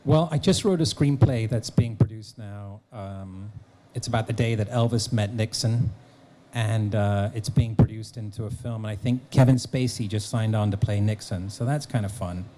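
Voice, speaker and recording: A middle-aged man telling an animated anecdote as a guest at a fan press conference. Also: lowish voice, normal speed, noisy background. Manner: animated storyteller, slips into voices for the people he quotes. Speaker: actor and author guest.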